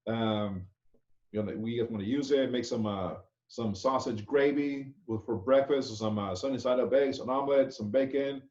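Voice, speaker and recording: A man's voice: medium pitch, normal speed, darkish tone. A man, a chef instructor teaching an online class in a loose, chatty way, often checking in with "okay?". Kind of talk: casual online class lecture. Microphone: video call. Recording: echoey, dull video-call audio.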